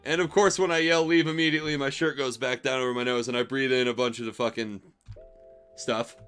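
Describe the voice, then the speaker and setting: Bright-voiced man swearing through a story. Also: mid-range voice, fairly even intonation, a little fast, clear, resonant tone, faint music behind. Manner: profane, rambling, exasperated. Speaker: streamer telling stories. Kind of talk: casual storytelling.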